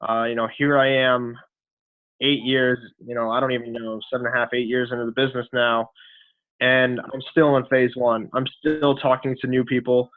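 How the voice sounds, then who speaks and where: A man's voice: medium pitch, flat delivery, normal speed. A man in his thirties, a fitness coach giving a casual, earnest motivational talk on a team call, full of fillers. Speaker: guest speaker, fitness coach. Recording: tinny phone line.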